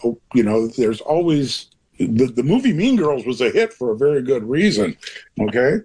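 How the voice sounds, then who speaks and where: A man's voice: medium pitch, big pitch swings, moderate pace, a little mellow, husky. An older man, a grandfather, speaking as an author guest in a casual interview, rambling and reflective with many restarts.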